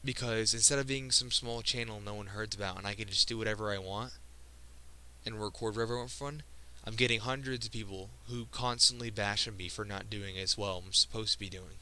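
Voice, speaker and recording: A man's voice: lowish voice, steady tone, pushed and bright, a little hiss or hum, poor audio. A young man in his teens speaking in a personal vlog monologue. He sounds emotional and earnest, stops and restarts often, and stumbles over his words. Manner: earnest, halting, frequent restarts. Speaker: video creator.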